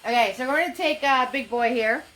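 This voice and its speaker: A woman's voice: high voice, fairly quick, fairly bright tone. A woman hosting a live-streamed painting class, chatty and upbeat as she greets viewers by name, talking into a phone in a holder. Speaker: paint party host.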